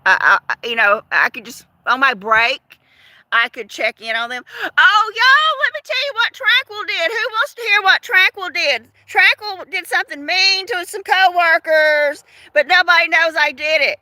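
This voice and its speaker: A woman's voice: very high voice, normal speed, sharp tone, no room sound. An older woman hosting a casual livestream, chatting in a gossipy way, laughing often and asking her viewers questions. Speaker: livestream host. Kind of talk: casual live chat.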